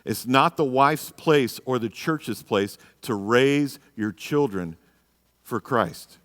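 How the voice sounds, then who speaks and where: Speaking slowly yet animatedly, a pastor with a medium-pitched, slightly bright voice gives a marriage lesson in a church hall. His delivery is emphatic and packed with rhetorical questions, captured with the room's reverb.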